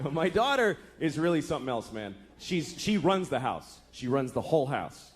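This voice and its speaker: A man in his thirties doing a stand-up comedy set, profane and exasperated, acting out characters in quick asides. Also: fairly high pitch, sing-song, a little hiss or hum. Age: 30s.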